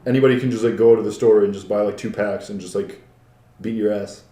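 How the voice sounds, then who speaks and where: A man's voice: lowish voice, steady tone, fast, mellow. A young man co-hosting a podcast in casual chat, rambling with lots of "like" fillers. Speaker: podcast co-host. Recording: echoey room.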